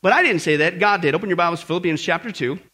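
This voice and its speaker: A man's voice: sits high, rapid-fire, bright, forceful tone. A man preaching a sermon as pastor, asking the congregation rhetorical questions and telling a story.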